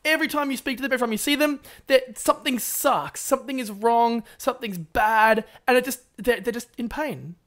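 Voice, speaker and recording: A man's voice: very high voice, brisk, few pauses, fairly bright tone. An Australian man co-hosting a podcast, agreeable and teasing, often backing up his partner. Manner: agreeable, teasing, mocking sympathy. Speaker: podcast co-host. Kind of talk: casual podcast chat.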